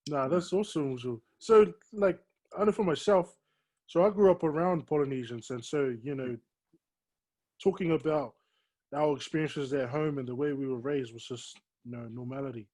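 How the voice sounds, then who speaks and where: Mellow-voiced man asking questions. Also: a little high, normal speed, poor audio. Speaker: podcast host. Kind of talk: casual interview.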